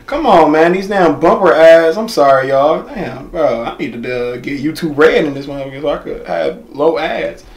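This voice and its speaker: A man in his twenties hosting a reaction video, talking casually and rambling with lots of slang, his voice hoarse and nearly gone. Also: a little high, animated, normal speed, hardly any pauses, soft background music. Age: 20s. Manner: rambling, filler-heavy, laid-back slang. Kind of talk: casual talk to camera. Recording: echoey room.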